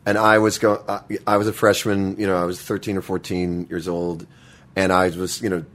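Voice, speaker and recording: A man telling a childhood story in a casual chat, halting and restarting often and swearing freely. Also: sits low, little pitch movement, a bit bright. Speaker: guest.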